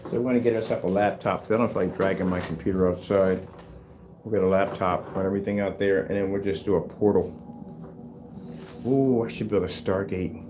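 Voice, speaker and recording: In a home workshop vlog, a man who makes home theater screens rambles chattily, often restarting his sentences and sometimes raising his voice to scold his cat. His voice is low and steady, his pace brisk, and there's noise in the background.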